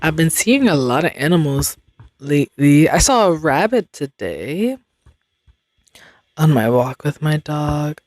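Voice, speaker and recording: A woman's voice: low-pitched, big pitch swings, a little slow, a little mellow, dry recording. A young adult woman hosting a podcast, rambling in casual chat with slang and frequent laughs. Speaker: podcast host.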